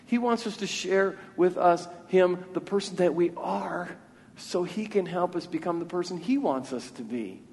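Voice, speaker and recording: A man's voice: high-pitched, expressive, moderate pace, a little mellow. Earnest preacher man in reverberant church. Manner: earnest, with frequent repeated words and restarts. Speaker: pastor. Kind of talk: sermon. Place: church sanctuary.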